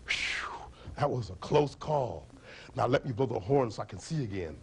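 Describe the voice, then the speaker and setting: Storyteller voicing a stammering blind lion, remorseful, lively pitch. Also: male voice, moderate pace, vocal fry, a little hiss or hum. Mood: relieved. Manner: stammering, pleading.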